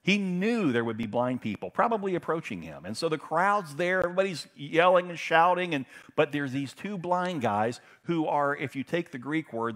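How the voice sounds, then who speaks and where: A middle-aged man preaching a sermon, telling stories in a conversational way and swinging from loud emphasis to hushed, intense passages. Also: on the high side, animated, brisk, hardly any pauses. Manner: conversational storytelling with fillers. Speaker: pastor.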